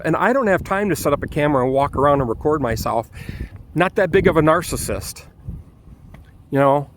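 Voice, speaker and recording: A man with a Michigan accent vents to his phone camera outdoors in a vlog. His voice sits somewhat high for a man, and he keeps restarting his sentences as his anger spills over. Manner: angry, exasperated ranting with restarts. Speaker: vlogger. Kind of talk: ranting vlog.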